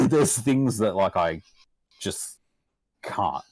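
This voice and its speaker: A deep-voiced Australian man yarns away as a podcast guest, cursing in nearly every line and wandering through his stories. His voice is low and sits dry and close, with no room around it. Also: very slow, no room sound. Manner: profane, rambling, acts out quotes in animated voices. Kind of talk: casual chat.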